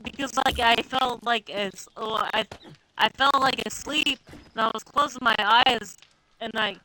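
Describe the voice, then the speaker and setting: A woman sharing a scary memory in casual chat, hesitant and halting as she tells it. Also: on the high side, bright, forceful tone, a little hiss or hum, rough recording. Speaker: co-host. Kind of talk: casual ghost story chat.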